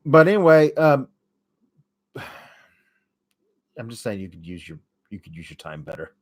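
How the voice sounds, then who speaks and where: A man hosting a casual solo recap show, rambling and sarcastic, with frequent fillers and swearing when annoyed. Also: on the high side. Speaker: host.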